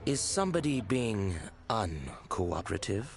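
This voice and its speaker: An actor playing a cold, menacing agent in a video game, measured and quietly threatening. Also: male voice, fairly low pitch, sing-song.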